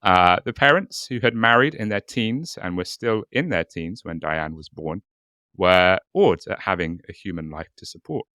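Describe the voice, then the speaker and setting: A man's voice: deep voice, moderate pace, pushed and bright, no echo, studio quality. A young man co-hosting a casual podcast, swearing and repeating words as he narrates a case. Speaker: podcast co-host.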